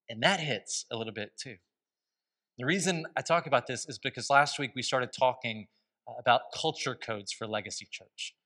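Bright-voiced male pastor preaching. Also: medium pitch, a little fast. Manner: conversational storytelling with humor. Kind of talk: sermon.

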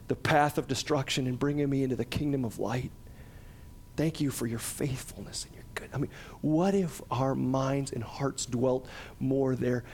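A middle-aged man, a pastor, preaching a conversational sermon and acting out quotes with lively energy. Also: slight background noise. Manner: conversational and animated, acts out quotes with a higher voice.

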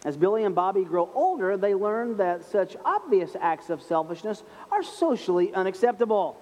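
A man preaching a sermon as pastor, telling a story in a humorous, self-mocking way and slowing down softly on key points. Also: high voice, animated, long reverb tail. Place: church sanctuary.

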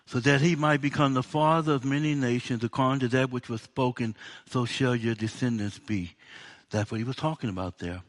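A male preacher delivers a sermon in a relaxed, conversational manner. He jokes with the listeners, speaking at a mid-range pitch. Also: quick pace, few pauses. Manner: conversational, humorous, acts out dialogue.

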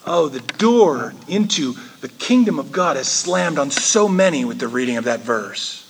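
A man's voice: a little high, expressive, measured pace, vocal fry, hardly any pauses, slight background noise, rough recording. A male pastor preaching a sermon in a church, emphatic and conversational, with frequent asides to the congregation.

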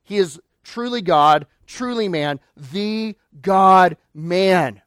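Emphatic high-voiced male preacher. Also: drawn-out words, smooth, no echo, studio quality. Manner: emphatic preaching, swinging between loud declarations and quiet lines. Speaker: pastor. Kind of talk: sermon.

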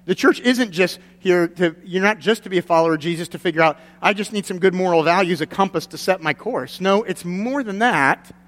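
A man delivers a sermon to his congregation in a slightly high voice. He is earnest and grows emphatic on key points, with folksy stories along the way. The sound carries a long reverb of a church sanctuary. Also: fairly quick, few pauses, a bit bright. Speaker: pastor.

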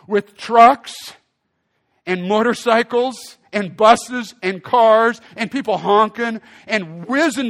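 A male pastor preaching a sermon, telling a story with lively acted-out quotes and big swings in loudness. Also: sits high.

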